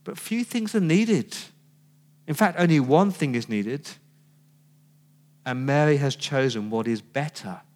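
A man voicing a tender male teacher who corrects gently. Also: mid-range voice, lively intonation, a little slow, long pauses, lightly acted. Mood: gentle.

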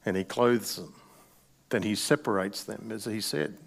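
A man's voice: on the low side, a little slow, vocal fry. A middle-aged male pastor preaching a sermon in a conversational way, with wry asides.

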